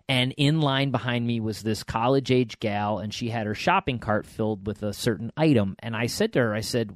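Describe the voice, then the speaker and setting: A man's voice: medium pitch, no room sound. A middle-aged man co-hosting a podcast, telling stories and giving encouraging advice in a casual way with frequent restarts.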